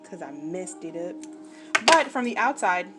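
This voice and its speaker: Her voice is fairly low and very animated, though her pace stays measured. She's a forties-aged crafting vlogger from New Jersey, USA, casually chatting and teasing herself while sewing, wandering into side stories against background music.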